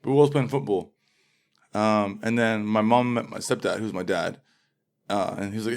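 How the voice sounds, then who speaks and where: Laid-back low-voiced man, rambling casually. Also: moderate pace. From England. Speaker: interview guest. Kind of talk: casual interview chat.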